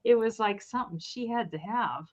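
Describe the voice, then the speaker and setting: A woman's voice: fairly high pitch, moderate pace, dull audio. A woman hosting a casual live sale, chatty and giggly, rambling as she shows items. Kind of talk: casual live-stream selling.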